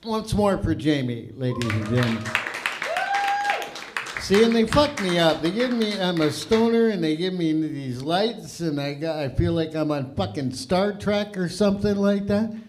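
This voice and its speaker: An older Canadian man with a Canadian accent hosting a stand-up comedy night, crude and profane, with loud punchlines. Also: on the high side, lively intonation, moderate pace, very noisy. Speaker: comedy show host. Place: comedy club stage.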